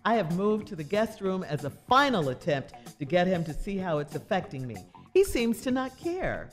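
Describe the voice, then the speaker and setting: A woman's voice: lowish voice, sing-song, normal speed, soft background music. A woman radio co-host reading a listener's advice letter aloud, laughing easily.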